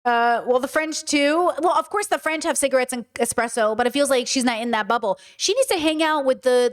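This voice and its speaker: Brief: high-pitched woman host, loose, swearing, jokey reaction talk. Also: fast. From United States. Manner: animated, profane, joking. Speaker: commentator reacting to a video. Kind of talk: casual reaction commentary. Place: living in Croatia.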